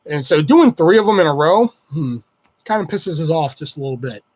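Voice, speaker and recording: A man's voice: fairly high pitch, lively intonation, brisk, a little mellow. A man hosting a livestream, telling stories in a rambling, heavily profane, casual way. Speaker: livestream host. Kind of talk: casual storytelling chat.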